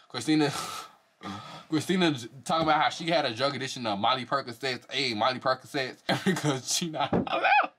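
A young man reviewing a reality show in a loose, swearing, fast monologue. His pitch sits in the middle for a man. He keeps jumping into shrill mocking voices to make fun of the cast. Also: a bit bright, slight background noise. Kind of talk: casual profane commentary.

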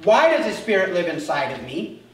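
In a church sanctuary, a male pastor delivers a conversational sermon, acting out little dialogues along the way. His high, fairly bright voice swings widely in pitch at a moderate pace. The mic sits far off in an echoey church hall.

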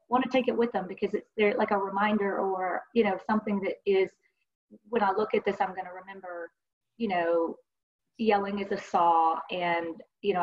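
A woman counselor giving an online presentation, sharing client stories in an earnest, conversational way with many fillers. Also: medium pitch. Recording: dull lo-fi online call audio.

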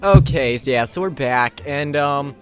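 A man with a hoarse, gravelly voice casually commentating a video game, crude and joking. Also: mid-range voice, a little slow, soft background music. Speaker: gamer. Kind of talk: casual let's play commentary.

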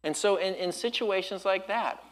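Laid-back storytelling male pastor, higher voice. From Southern California. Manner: relaxed storytelling with quick laughs; colloquial surfer slang. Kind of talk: sermon.

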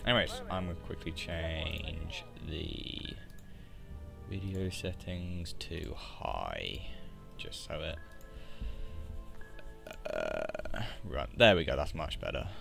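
A low-voiced man with a gravelly, creaky edge narrates his gameplay in a loose, chatty way. He wanders off into grumbling asides and self-talk. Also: lively intonation, slow, pauses often, over music. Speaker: let's play commentator. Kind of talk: casual gameplay commentary.

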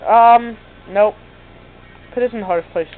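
A man's voice: sits high, measured pace, soft background music. A teenage boy commentating on a basketball video game with his friend, teasing in a dry, sarcastic way. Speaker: gaming commentator. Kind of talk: casual gameplay commentary. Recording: tinny, phone-like sound.

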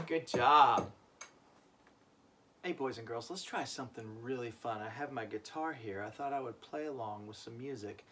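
A man's voice: medium pitch, lively intonation, normal speed. Upbeat man teaching kids rhythms. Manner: upbeat, encouraging, chanting rhythm syllables. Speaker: music teacher. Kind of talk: children's music lesson. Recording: loud background noise.

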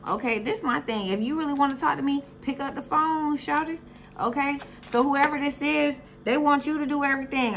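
A woman's voice: fairly high pitch, fairly bright tone, slight background noise. Blunt, profane woman reading tarot cards. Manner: blunt, profane, repeats "okay?" and "Scorpio". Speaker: tarot reader.

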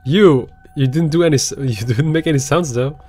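A man's voice: on the high side, normal speed, a little mellow. A man giving casual let's-play commentary, chatting to the game and yelping when startled. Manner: chatty, talks to the game, jumpy yelps. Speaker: gaming video creator.

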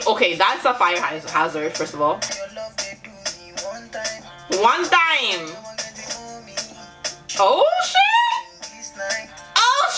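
A young woman from Nigeria hosting a casual reaction video, exclaiming and laughing often. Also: on the high side. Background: faint music from the video.

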